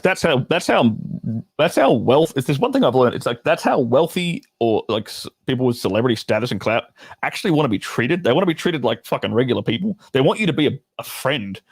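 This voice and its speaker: A man's voice: mid-range voice, husky, no echo. Man, Australian accent, blunt, swears a lot, casual storytime, dry close sound. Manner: profane, blunt, laughing asides. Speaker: storytelling host. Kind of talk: casual storytime chat, reacting to comments.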